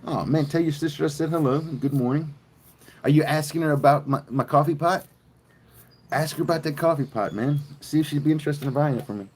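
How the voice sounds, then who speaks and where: A man from South Mississippi with a Southern American accent, chatting excitably with viewers on a live stream and swearing freely. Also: a little high, brisk, husky. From South Mississippi, USA.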